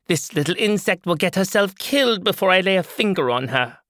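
A man's voice: animated, a little fast, a bit bright, no room sound, clean studio sound. A man reading an audiobook, voicing a brash, faded older woman who mocks and scolds. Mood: scornful. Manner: shrill, mocking, theatrical. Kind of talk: audiobook character voice.

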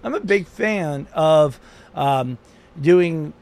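A man co-hosting a casual cocktail and cigar tasting show, talking in halting bursts with many restarts. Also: on the high side, animated, darkish tone. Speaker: co-host.

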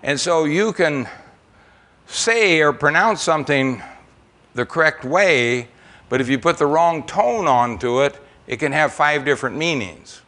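A man's voice: fairly high pitch, a little slow, a bit bright. An older American man speaking to a church congregation, telling missionary stories in a folksy, rambling way with frequent fillers and repeated words. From United States. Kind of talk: church testimony and storytelling.

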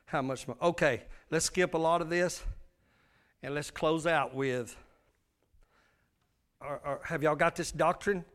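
A man's voice: fairly high pitch, a bit bright. A male pastor, preaching a sermon with emphatic call-and-response.

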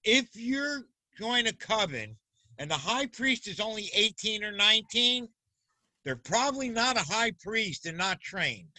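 A man with a high, very bright voice tells teasing stories, acting out other people's lines. His voice sounds close and dry, with no room around it. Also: big pitch swings, a little slow, dry recording. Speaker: guest, occult teacher and shop owner. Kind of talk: animated storytelling.

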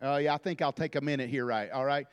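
In a church sanctuary, a man serving as a guest preacher delivers a fervent sermon in a clear, resonant, mid-range voice, talking fast. As he builds his points, he repeats phrases and stammers through restarts.

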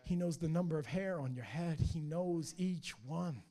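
A man preaching a fiery sermon, his voice pitched high with a gravelly edge. He swings from hushed, quiet lines to shouted ones, animated all the way through. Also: moderate pace. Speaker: pastor.

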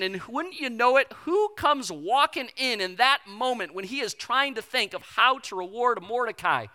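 A preacher retelling a Bible story in a casual, animated sermon with slangy asides. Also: mid-range voice, brisk, few pauses.

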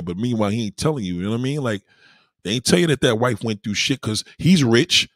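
A man's voice: medium pitch, quick pace, no echo, studio quality. A man giving dating advice in a casual, profane monologue full of street slang. He keeps checking in with the listener. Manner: keeps asking "you know what I mean".

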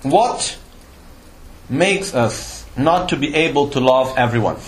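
A man's voice: medium pitch, lively intonation, slow pace. A man giving a Buddhist teaching to a live audience, explaining patiently and checking in with questions, with slightly non-native phrasing. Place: retreat teaching hall. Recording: roomy hall, faint ambience.

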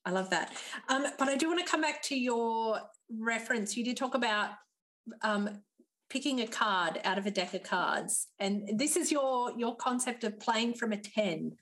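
A woman hosting an interview, speaking softly and asking short questions. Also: fairly high pitch, lively intonation, normal speed. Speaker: interviewer, host.

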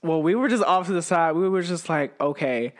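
A man's voice: on the high side, lively intonation, a little fast. A man, chatting casually and amused about a group performance. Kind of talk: casual chat.

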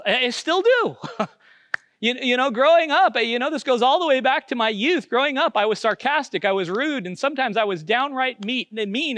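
A middle-aged man preaching a sermon as pastor, earnest, moving from loud emphasis down to hushed, almost whispered lines. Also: high voice, dry recording.

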